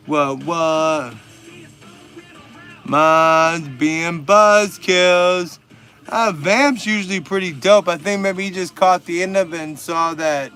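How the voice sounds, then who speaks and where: A man's voice: fairly high pitch, steady tone, takes it slowly, pushed and bright, soft background music. A man, hosting a casual livestream and bantering with viewer comments in laid-back, profane slang. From Texas. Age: 40s. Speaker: livestream host.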